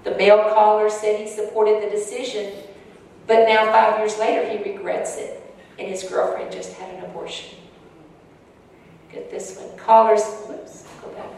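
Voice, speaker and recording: Relating her own experience to an audience, a woman speaks with earnest emotion in a flat, mid-range voice that is a little mellow and shows vocal fry. She keeps a moderate pace. The hall recording is echoey and distant, with faint noise.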